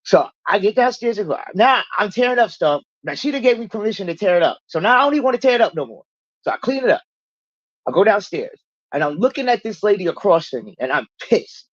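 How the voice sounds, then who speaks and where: Animated blunt woman telling her story. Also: fast talker, dry recording, muffled recording. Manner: animated, acts out quoted people in raised pitch, blunt and profane. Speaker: channel regular telling her recovery story. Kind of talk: casual livestream storytelling.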